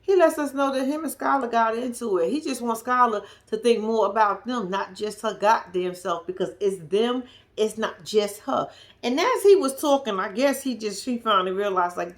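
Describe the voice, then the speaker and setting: A woman giving a blunt, profane, animated recap of a reality TV episode, dropping to a hush at times. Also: on the high side, normal speed. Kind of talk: casual commentary recap.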